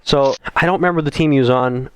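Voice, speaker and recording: A man co-hosting a casual gaming podcast, telling stories in an animated way and swearing freely. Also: medium pitch, fast, clear, resonant tone. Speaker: esports team co-owner, podcast host.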